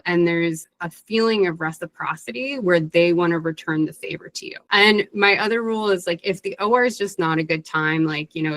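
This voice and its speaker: Woman webinar presenter, lowish voice, dry close mic, chatty and animated. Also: dry recording, poor audio. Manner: chatty, animated, acts out quoted dialogue. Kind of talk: career advice webinar talk.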